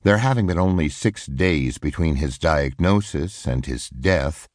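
A man with a very low voice narrates an audiobook, and his pitch rises and falls expressively. His reading is measured and reflective, recorded close and dry in a studio. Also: animated, dry recording. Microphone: close studio microphone.

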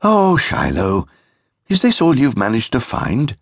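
A man's voice: medium pitch, huge pitch swings, measured pace, creaky, dry recording, clean studio sound, voice pushed up, full character voice. A man voicing a fussing mother rabbit. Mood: fond, fussing. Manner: fussing, gently scolding. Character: worried doting mother rabbit. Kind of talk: audiobook character voice.

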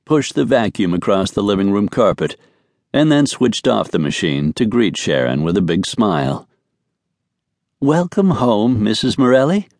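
A man narrating a romance audiobook in an even, measured way. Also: deep voice, dry recording. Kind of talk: scripted narration. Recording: dry studio recording.

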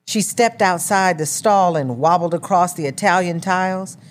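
A woman reading a novel as an audiobook narrator in a measured storytelling manner. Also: lowish voice.

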